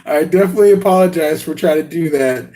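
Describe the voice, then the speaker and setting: A man hosting a live unboxing stream, talking excitedly and rambling with many restarts and laughs. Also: fairly high pitch, quick pace. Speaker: RC hobby channel host.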